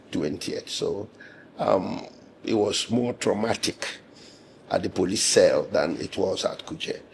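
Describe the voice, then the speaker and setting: A hoarse man, a lawyer giving an interview at a measured pace, indignant, with pauses and fillers. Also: lowish voice, slight background noise. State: hoarse, losing his voice. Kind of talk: interview recounting an ordeal.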